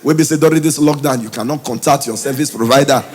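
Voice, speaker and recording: A Nigerian man doing stand-up comedy in Pidgin English, telling stories in an animated way. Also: medium pitch, quick pace, noisy background. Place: comedy stage before a live audience.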